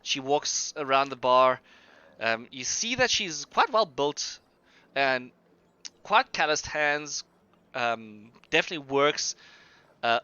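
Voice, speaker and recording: A man's voice: mid-range voice, bright, forceful tone, smooth, no echo, muffled recording. A man narrating a tabletop game on a live stream as game master, in a rambling, hesitant way.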